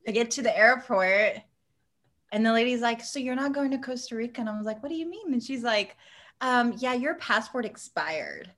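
A woman in her thirties co-hosting a casual chat, an animated storyteller who laughs often and acts out quotes with big jumps in pitch. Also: normal speed. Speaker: podcast co-host.

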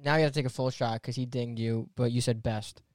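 A man's voice: medium pitch, fairly even intonation, fairly quick, heavy background noise. A young man hosting a casual podcast, running a drinking game and teasing his friends in a dry way. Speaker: podcast host. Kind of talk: casual chat.

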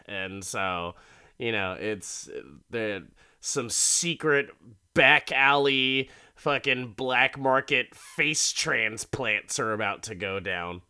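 A man casually retelling a TV episode in an animated, crude and profane way, laughing often. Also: medium pitch, slow pace, smooth.

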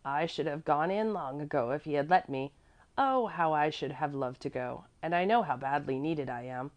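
A woman's voice: sits low, normal speed, lo-fi sound, lightly acted. A woman reading aloud and voicing a fussy, devoted older woman servant who speaks earnestly and emphatically. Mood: fretful.

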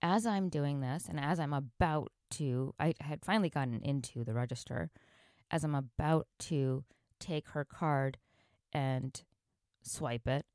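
A woman podcast host with a low voice tells a personal story, earnest and reflective. The recording is dry and close, with no room sound. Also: a little slow, darkish tone, clean tone, dry recording. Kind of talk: storytelling monologue.

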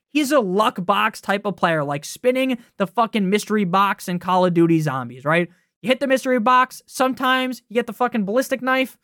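A man's voice: extremely high pitch, a bit bright, no echo, studio quality. A man hosting a fantasy football podcast, giving casual, heated and sarcastic analysis full of swearing.

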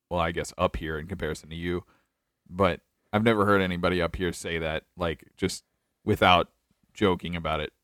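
A man's voice: low-pitched, fairly bright tone, dry recording, clean studio sound. Joking young man hosting a podcast. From North Carolina, US. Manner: joking, laughs often, trails off in restarts. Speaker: podcast host. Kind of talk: casual chat.

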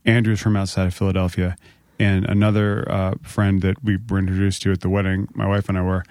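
A man's voice: sits low, little pitch movement, fairly quick, a little mellow, no room sound. A man hosting a podcast from a studio, chatting and interviewing his guest in a friendly way that is full of laughter. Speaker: podcast host. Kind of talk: casual chat. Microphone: studio microphone.

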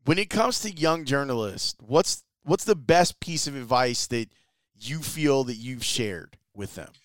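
A man's voice: mid-range voice, animated, unhurried, no echo. A man hosting a podcast, talking casually and often repeating words as he thinks. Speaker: podcast host. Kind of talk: casual interview and host-read ad.

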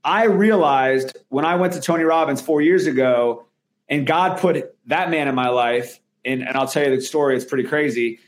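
A man's voice: fairly high pitch, moderate pace. Male guest; earnest, emphatic talker with frequent restarts. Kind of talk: candid interview conversation.

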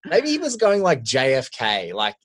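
A man co-hosting a podcast, talking about films in an animated, rambling way full of "like". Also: medium pitch, moderate pace. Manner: animated, heavy use of "like". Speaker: podcast co-host. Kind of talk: casual film chat.

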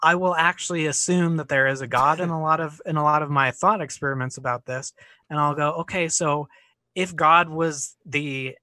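Young male debater, bright tone, thinks out loud with many restarts; dry, close recording. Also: fairly high pitch, moderate pace, no room sound. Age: young adult. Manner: hesitant, restarts sentences, thinks aloud. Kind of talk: casual spoken argument.

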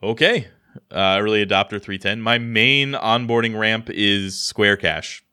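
Bright-voiced American man, rambling podcast chat. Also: lowish voice, measured pace, smooth. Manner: rambling, self-deprecating, many restarts. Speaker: podcast co-host. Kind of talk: casual chat.

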